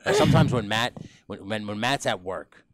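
A playful man co-hosting a podcast, his pitch swinging all over as he jokes and teases. A faint hiss sits under his voice, and he sounds relaxed and quick with a punchline. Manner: playful, bursts into high comic voices. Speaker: podcast co-host. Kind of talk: casual joking chat.

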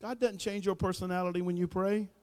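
A pastor preaching a sermon in a folksy, fervent way, building to loud emphasis. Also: male voice, on the high side, moderate pace. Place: church sanctuary. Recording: echoey church hall.

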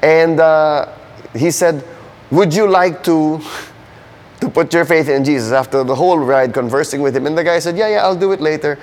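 A man's voice: fairly high pitch, fairly even intonation, moderate pace. A man preaches a sermon in a slightly raised voice. He is earnest and leans into pointed questions. A long hall reverb trails each phrase. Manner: earnest, building to emphatic questions. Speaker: pastor.

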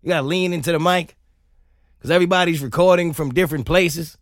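Male podcast host, solo comedy rant, bouncy and profane, a touch high, dry close mic. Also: fast talker, no echo. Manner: animated, laughing, profane storytelling. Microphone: close studio mic.

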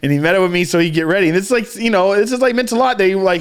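A man's voice: sits high, rapid-fire, smooth. A man casually telling a funny story over a call, laughing often and swearing. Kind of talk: casual chat. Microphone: remote call.

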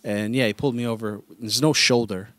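A man's voice: mid-range voice, steady tone, brisk, fairly bright tone, no echo. A man co-hosting a podcast, telling stories in laid-back, profane banter. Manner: laid-back storytelling, swears freely. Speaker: podcast co-host.

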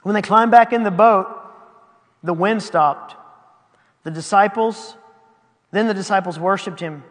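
A man preaches a sermon in a high, light voice, reading passages aloud and breaking into casual, laughing asides. His words ring out with a long reverb, as if in a large hall. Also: unhurried, pauses often. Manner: conversational, reads scripture then comments, laughing asides. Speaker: pastor.

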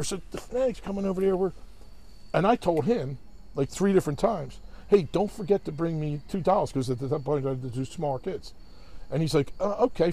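A man's voice: high voice, a little mellow. A man, telling a long, rambling, profane story in casual chat and acting out other people's voices.

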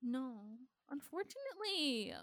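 Bright, lively high-voiced woman co-host. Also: unhurried, no echo, clean studio sound. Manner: chatty and upbeat, swears casually. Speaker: podcast co-host. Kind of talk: casual chat recapping a TV episode.

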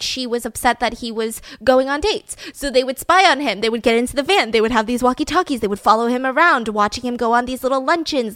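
A young adult woman hosting a podcast who tells a true-crime story in a chatty, animated and blunt way. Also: high voice, dry recording, studio quality. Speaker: podcast host.

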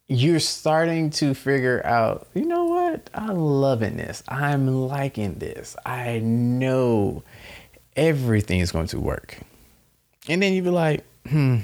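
A man's voice: medium pitch, vocal fry. A man talking casually and reflectively, laughing at himself and acting out little quoted exchanges. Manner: laid-back, laughs at himself, acts out quotes.

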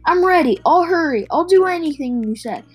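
A frightened old wife in a storybook, shrieking her words in high, panicky cries, as a woman reading aloud puts her on. Her voice leaps sharply upward and gets loud, with faint music underneath. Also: moderate pace, slightly rough, rough recording. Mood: panicked. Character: foolish, terrified old wife.

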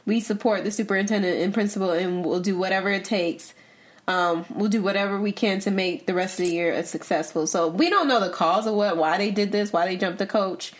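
A woman's voice: mid-range voice, a little fast. A woman co-hosting a podcast in casual chat, retelling a news story with frequent restarts and repeated words. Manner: animated, laughs often, trails off and repeats words. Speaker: podcast co-host.

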